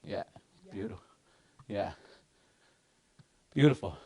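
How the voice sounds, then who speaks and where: A man's voice: on the low side, animated, slow, warm tone. A man teaching a language class with lots of energy and emphasis.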